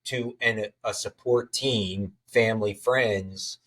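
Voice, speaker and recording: A man's voice: fairly low pitch, steady tone, takes it slowly, fairly bright tone. A man hosting an interview, a supportive listener who sums up the guest's story for the audience. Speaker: podcast host. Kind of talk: casual interview.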